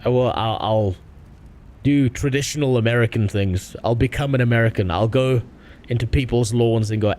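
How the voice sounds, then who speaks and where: A man's voice: medium pitch, normal speed, darkish tone. A man streaming a game, reading the dialogue aloud and making crude, profane jokes. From South Africa. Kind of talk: casual gaming stream commentary.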